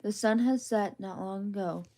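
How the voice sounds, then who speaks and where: A woman reading children's picture books aloud as soft ASMR bedtime reading, in a gentle, sing-song rhythm. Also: mid-range voice, moderate pace.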